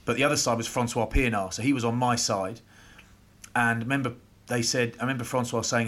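A man, former rugby player, co-hosting a podcast and telling stories in lively casual chat. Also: mid-range voice. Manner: animated anecdote telling with quick voice impressions.

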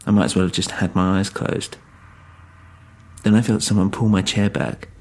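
A man narrating a first-person horror story in a grave, measured way. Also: low voice, fairly even intonation, darkish tone, husky.

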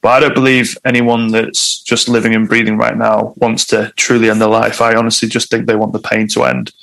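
A man's voice: lowish voice, flat delivery, fairly quick, gravelly, fairly bright tone, rough recording. A man, a guest telling a personal story in conversation, candid and reflective.

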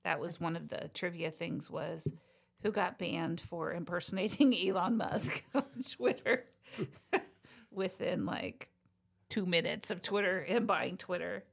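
A woman's voice: fairly low pitch, measured pace, creaky, slightly rough. A woman co-hosting a podcast, making dry, sarcastic asides in casual chat. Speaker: podcast co-host.

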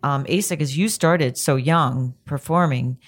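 Woman, very low voice, co-host, playful interjections. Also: a little slow. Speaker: podcast co-host. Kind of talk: casual interview chat.

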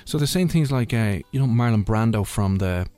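A man's voice: on the low side, expressive, fairly quick, warm tone, dry recording, soft background music. A man hosting a radio show, chatting casually in a rambling, jokey way. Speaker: radio host.

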